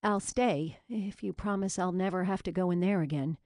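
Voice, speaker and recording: A woman's voice: on the low side, normal speed, a little mellow, no room sound, studio quality, pitched above the performer's own voice, close to an everyday voice. A woman voicing a shaken, timid young woman in an audiobook, with a quivering, hesitant voice.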